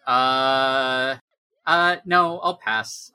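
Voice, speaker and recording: Male player, hesitant and wry, bright forceful tone, dry close mic. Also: mid-range voice, lively intonation, moderate pace, no room sound. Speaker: tabletop game player. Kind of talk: casual game chat.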